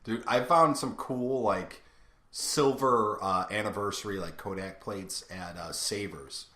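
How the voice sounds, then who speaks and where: A man's voice: lowish voice, a little slow, bright, forceful tone. A young man co-hosting a casual podcast, telling rambling stories full of filler words. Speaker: podcast co-host. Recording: roomy echo.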